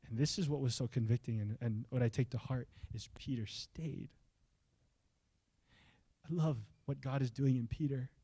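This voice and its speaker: A man preaching a sermon as pastor, in a conversational style that swings between hushed and excited. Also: mid-range voice, moderate pace, slightly rough, dry recording. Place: church.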